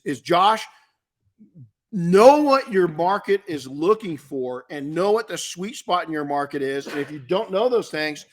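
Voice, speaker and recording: A man's voice: a little high, a bit bright. A middle-aged man from the United States hosting a podcast, answering listener questions in blunt, emphatic, repetitive coaching talk. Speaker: podcast host and detailing business coach. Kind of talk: casual Q&A advice talk.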